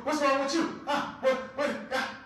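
A man putting on the voice of an exasperated nagging wife, shouting rapid-fire questions. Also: very high-pitched, flat delivery, voice pushed up. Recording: very echoey room, mic far off.

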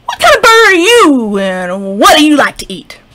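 A woman voicing a boastful little male bullfrog in a storybook reading, shouting his lines loudly. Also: high-pitched, huge pitch swings, moderate pace, slight background noise, pitched above the performer's own voice, full character voice. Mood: brash. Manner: loud, brash shouting.

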